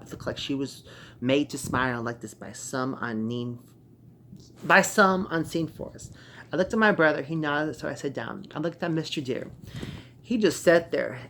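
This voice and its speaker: A young man reading a creepy internet horror story aloud, casual, with sweary excited asides and stumbling restarts. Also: on the high side, normal speed, a little hiss or hum. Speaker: story narrator.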